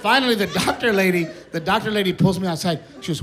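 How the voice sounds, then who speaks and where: A man performing a stand-up comedy set on stage, telling a story in an animated way and acting out the voices of the people in it. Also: sits high, fast talker. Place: comedy theater stage with live audience. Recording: live stage recording with crowd noise. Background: audience laughter and applause.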